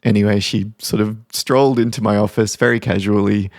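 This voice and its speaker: A man's voice: on the low side, fairly even intonation, a little fast, gravelly, dry recording, clean studio sound. A man hosting a podcast as a mediator, telling a workplace story casually and wryly, with frequent asides. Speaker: podcast host and professional mediator. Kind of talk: reflective storytelling monologue.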